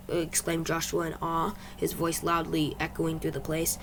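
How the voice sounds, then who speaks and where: A woman narrating her own storybook in first person, in a lowish, gravelly voice. The delivery is plain with occasional restarts, and a faint hiss sits under the recording. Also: fairly even intonation, a little fast, few pauses. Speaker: author reading own book.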